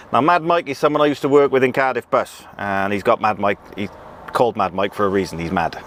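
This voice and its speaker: A man's voice: medium pitch, brisk. A man in casual chat from his truck, reading out viewer comments with lots of ums and restarts. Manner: relaxed, chatty, many ums and restarts. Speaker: truck driver vlogger. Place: in and around a truck. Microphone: action camera with pocket mic. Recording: faint outdoor vehicle noise.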